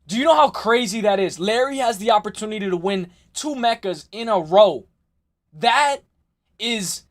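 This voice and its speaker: A young man hosting a livestream in casual chat, excitable and rambling, often repeating himself and saying "like" and "bro". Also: high voice. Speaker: livestream host.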